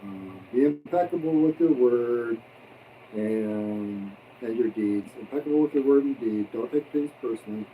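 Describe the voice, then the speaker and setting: A man's voice: medium pitch, normal speed, distant mic, phone-quality sound, a little hiss or hum. A man hosting a casual mukbang livestream, chatting and joking while he eats. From abroad, expat. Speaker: livestream host. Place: home in the Philippines.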